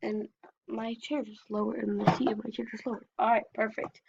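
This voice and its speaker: Chatty high-voiced young woman gamer. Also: little pitch movement, fairly quick, gravelly, a little mellow, slight background noise. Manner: chatty, reads game text aloud. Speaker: gameplay vlogger. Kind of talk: casual gameplay commentary. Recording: dull lo-fi sound.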